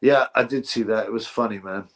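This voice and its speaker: A man's voice: on the low side, a little fast. A man hosting a casual livestream, rambling sarcastically and answering chat messages. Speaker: livestream host.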